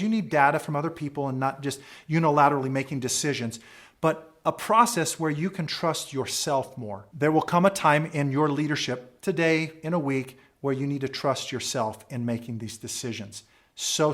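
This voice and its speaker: Male motivational speaker, earnest storyteller, slightly raised voice. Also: a little high. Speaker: leadership speaker.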